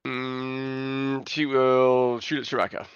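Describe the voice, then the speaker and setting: A man running a tabletop game as game master, calling turns and rulings in a brisk, matter-of-fact way. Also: mid-range voice, completely flat delivery, smooth, no room sound, dull audio.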